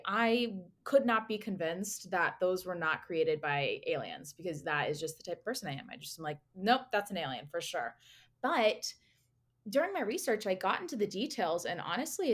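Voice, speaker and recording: A young woman talks through a podcast topic in a loose, chatty way. She laughs easily, throws in lots of "like" and "um", and her voice sits at an everyday middle pitch. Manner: chatty, giggly, lots of fillers and asides. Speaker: podcast co-host presenting the topic. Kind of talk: casual podcast chat.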